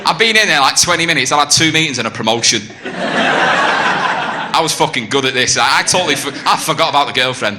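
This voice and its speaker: A man's voice: a little high, expressive, fairly quick. A man doing a brash stand-up comedy set, telling a story and acting out the voices, with audience laughter behind him. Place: comedy club stage. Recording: noisy live club recording. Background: audience laughter and room ambience.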